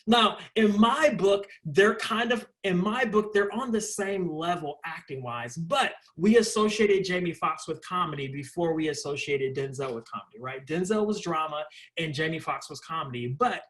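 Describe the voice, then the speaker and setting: Lively high-voiced man chatting casually. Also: normal speed. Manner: animated, rambling, lots of fillers like "like". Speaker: interview guest, stage performer. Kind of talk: casual conversational interview.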